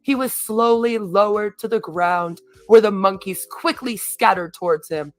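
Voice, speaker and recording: A woman's voice: medium pitch, unhurried, no echo. A woman reads a story aloud on a stream in a theatrical way, now and then stopping to comment on how she is doing. Her voice is close and dry, with faint music under it. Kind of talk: dramatic story reading on a stream.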